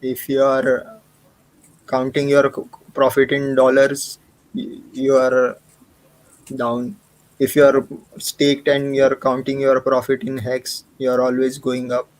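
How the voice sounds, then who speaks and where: A man's voice: medium pitch, monotone, a little slow, rough recording. A man from India, co-hosting a casual livestream chat, often hesitating and restarting his sentences. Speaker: co-host.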